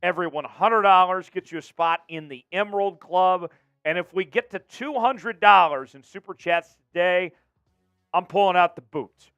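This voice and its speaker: Upbeat high-voiced male stream host. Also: normal speed, smooth, soft background music. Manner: upbeat, reads viewer messages and shouts chants. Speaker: show host. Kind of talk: casual sports talk stream.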